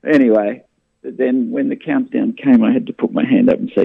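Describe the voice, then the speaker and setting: A man tells stories in a lively rush, stumbling over restarts as he talks. His voice has a gravelly edge and comes through a tinny phone line. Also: mid-range voice, a little fast, dry recording. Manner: animated storyteller, frequent restarts. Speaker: comedian guest. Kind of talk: casual radio interview.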